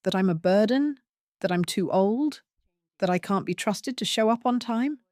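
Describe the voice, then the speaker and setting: A woman's voice: mid-range voice, animated, normal speed, darkish tone, no echo, studio quality, pitched above the performer's own voice, lightly acted. Woman voicing a hurt, firm older mother. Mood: confronting. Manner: pointed, firm questioning.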